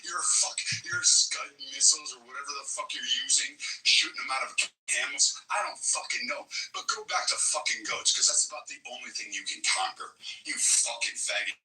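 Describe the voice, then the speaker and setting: A man's voice: medium pitch, brisk, bright, forceful tone, faint music behind. A man hosting a livestream, delivering a furious, taunting, profane rant at callers. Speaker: livestream host. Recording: roomy echo from far off the mic.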